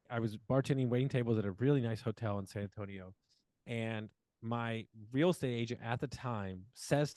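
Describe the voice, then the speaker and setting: A man's voice: mid-range voice, a little mellow, no echo. A man in his forties telling a long personal story as a podcast guest, acting out quoted dialogue with plenty of fillers. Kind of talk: casual storytelling interview.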